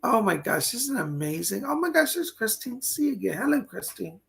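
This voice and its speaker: Guy doing live psychic readings on stream, kinda gravelly, voice going hoarse, chatty. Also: high-pitched, sing-song, normal speed, a bit bright. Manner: chatty, breathless, addresses viewers by name. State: losing his voice.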